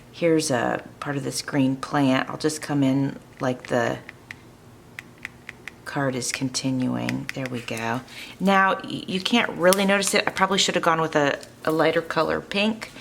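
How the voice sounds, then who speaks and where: A woman's voice: sits low, vocal fry, a little hiss or hum. A woman hosting a crafting channel, chatting casually and thinking aloud to her viewers as she works in her home art studio. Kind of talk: casual crafting tutorial chat.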